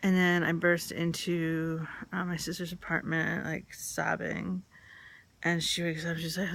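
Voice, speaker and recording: Slow, gravelly woman telling a candid story. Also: fairly low pitch, little pitch movement, a bit bright. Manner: candid, rambling, full of "like" and "um". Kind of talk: confessional personal storytelling.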